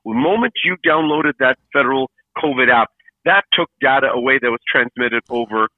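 A man's voice: medium pitch, fairly quick, no echo. A man from Canada co-hosting a podcast, speaking in an earnest, insistent way and piling up rhetorical questions. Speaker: podcast co-host. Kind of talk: casual chat. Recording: tinny phone line.

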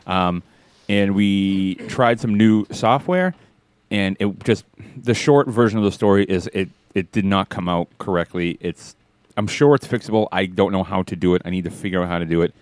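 A man's voice: low voice, moderate pace, dry recording. A man hosting a podcast in casual chat, rambling and self-deprecating. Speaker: podcast host.

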